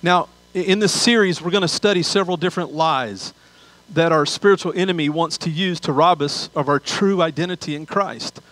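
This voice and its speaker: A man's voice: fairly high pitch, brisk, a bit bright, dry recording, low-quality recording. A man preaching a sermon as pastor, telling a funny story with asides before turning to scripture.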